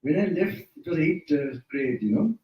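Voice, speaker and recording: Sri monk speaking, roomy and distant. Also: male voice, a little high, animated, normal speed, dull audio. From Sri Lanka. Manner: loose, self-correcting, chuckles often. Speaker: Buddhist monk teacher. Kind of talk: informal dharma talk. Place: indoors at a private residence. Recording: roomy sound, mic at a distance.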